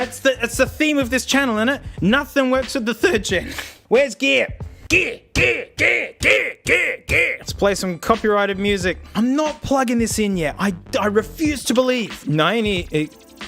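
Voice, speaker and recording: Excitable Australian man reviewing gadgets. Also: high-pitched. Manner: excitable, jokey, bursts into laughter. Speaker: tech reviewer. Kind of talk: casual video commentary.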